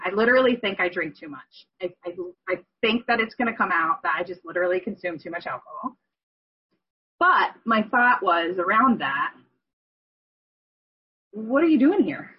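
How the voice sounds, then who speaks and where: A woman talks through a personal story in a husky, slightly breathy voice, often stopping to correct herself. The sound is dull and lo-fi, like audio from an online call. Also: medium pitch. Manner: rambling, self-correcting, emotional. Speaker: group member sharing. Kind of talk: candid personal sharing.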